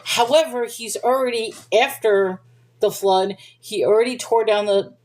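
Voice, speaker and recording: A woman's voice: on the high side, measured pace, a little mellow. A woman hosting a livestream, talking casually about faith and reading viewer comments, chatty and thinking aloud with restarts and little laughs.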